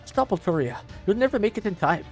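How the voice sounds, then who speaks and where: A man voicing a gruff, protective old blacksmith who talks brusquely and urgently. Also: high-pitched, big pitch swings, fast, faint music behind, pitched above the performer's own voice. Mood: stern.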